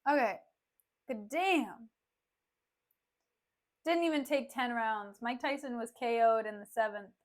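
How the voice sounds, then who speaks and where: A high-pitched woman chats on a live stream, loose and expressive. She breaks off her reading to comment, joke and laugh with her audience. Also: measured pace. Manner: chatty, expressive, frequent laughs and asides. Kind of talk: casual live-stream chat while reading a play.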